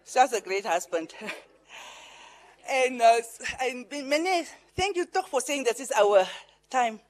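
A middle-aged woman with a Namibian English accent shaped by Herero and Afrikaans, giving a farewell speech as a veteran broadcaster, lively with laughing asides and repeated words. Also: high voice, a little slow. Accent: Namibian English, Herero and Afrikaans influenced. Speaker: veteran broadcaster and pageant director.

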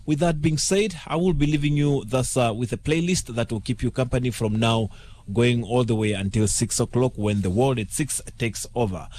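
A man hosting a late-night radio talk show, speaking haltingly with lots of fillers and repeated words. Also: medium pitch, a little mellow. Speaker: radio host.

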